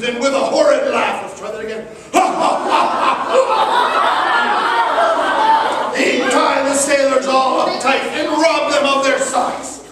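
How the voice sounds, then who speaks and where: A man reads a rhyming story aloud to schoolchildren and jokes playfully with them between verses. His voice is high and his pace slow and unhurried. The sound is distant and strongly echoey, with a faint audience behind. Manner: joking, playful banter with the audience. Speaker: children's storyteller and performer. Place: large hall or school auditorium. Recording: echoey hall from far off with audience.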